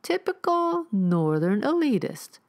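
A woman voicing a scornful male cult member with a rifle in a spooky story reading, talking slowly and mockingly. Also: lowish voice, expressive. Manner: slow, taunting, mocking.

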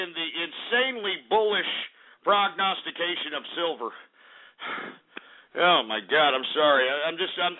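A man hosting a comedic talk radio show, rowdy and cursing, yelping and out of breath. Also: a little high. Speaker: radio host. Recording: tinny phone-like radio audio with faint music.

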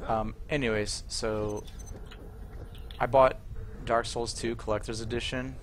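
A man's voice: mid-range voice, level tone, measured pace. A young man chatting casually while streaming a video game, rambling and joking with lots of fillers. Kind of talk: casual gaming chat. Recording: noisy game audio behind.

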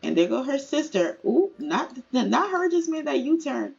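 A woman giving chatty, excitable commentary as she plays a life-simulation game. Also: high-pitched, normal speed, vocal fry, highs cut off, a crowd in the background. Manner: chatty, excitable, laughing asides. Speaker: gaming creator. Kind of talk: casual gameplay commentary.

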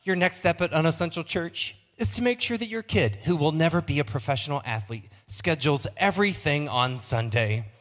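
A man's voice: animated, fairly quick, hardly any pauses, a bit bright, big-room sound. A man putting on a chirpy flight-attendant voice. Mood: sarcastic pitch. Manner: sarcastic sales-pitch announcing. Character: chirpy flight attendant pitching a lazy church.

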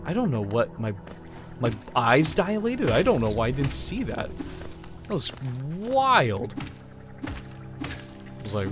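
A man giving casual gameplay commentary as a let's play host, giggly, gushing and excitable. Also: a little high, slow pace, pauses often, over music.

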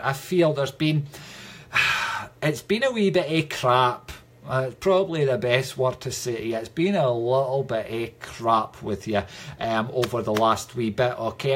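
A man's voice: mid-range voice, husky. A Scottish man working as a psychic medium, giving chatty, affectionate readings to viewers on a livestream and calling them sweetheart.

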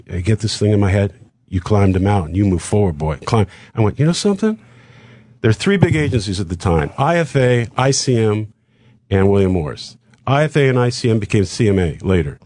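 An older man telling a long show-business story on a radio talk show, acting out the dialogue of the people in it with quick asides. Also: on the low side, no echo, studio quality. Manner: animated anecdote with acted-out dialogue and quick asides. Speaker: guest comedian telling a story.

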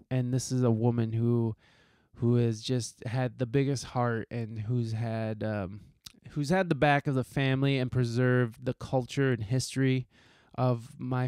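A man's voice: medium pitch, a little mellow, clear, resonant tone, no echo, clean studio sound. A man hosting a podcast, giving a heartfelt, profane, rambling monologue full of restarts. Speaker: podcast host.

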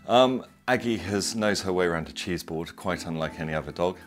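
Chatty deep-voiced man cooking. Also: a little fast, soft background music. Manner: chatty, digressive, enthusiastic. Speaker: cooking show host. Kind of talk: casual cooking demonstration. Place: home kitchen.

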